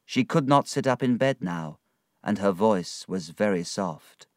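A man narrating a storybook in a measured, expressive reading style. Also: on the low side, no echo, clean studio sound.

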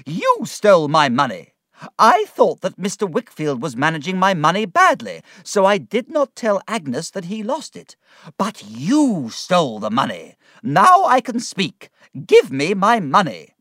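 A man voicing a fierce, outspoken older woman in a storybook reading, sharp and indignant. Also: high voice, huge pitch swings, a little slow, no echo, clean studio sound, pitched above the performer's own voice, exaggerated voice. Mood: furious.

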